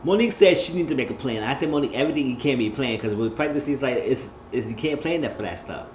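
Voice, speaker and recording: Casual male recapper, chatty with bursts of laughter and high-pitched impressions; roomy, muffled home recording. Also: expressive, racing. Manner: chatty, laughs often, acts out cast members in high squeals. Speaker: reality show recapper. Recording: roomy, dull lo-fi sound with faint noise.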